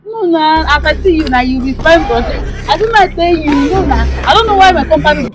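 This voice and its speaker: Excitable rambling Nigerian woman, high voice. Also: fairly quick, crowd noise. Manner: rambling, excitable, loud outbursts. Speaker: comedian. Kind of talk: comedy skit in pidgin.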